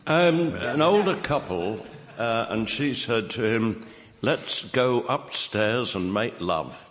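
A man on a comedy panel show delivering one-liners slowly and deliberately. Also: mid-range voice, animated. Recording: roomy theatre with loud background noise.

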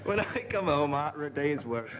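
A man's voice: fairly high pitch, animated, normal speed. A man, a comedy panelist making up playful verse and giggling through it. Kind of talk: improvised comic verse. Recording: noisy live audience recording.

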